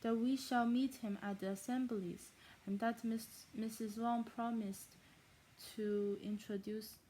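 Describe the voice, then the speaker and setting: A woman voicing a female reader of a classic novel in a fake German accent, reading aloud haltingly with stumbles and rereads. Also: fairly high pitch, steady tone, warm tone, slight background noise, poor audio. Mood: careful reading.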